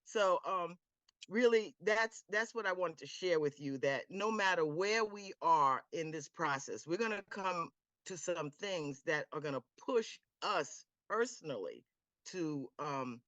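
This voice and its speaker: A man's voice: a little high, expressive, a little slow, bright, forceful tone, no echo. A man sharing an earnest, encouraging testimony with his team on a live stream.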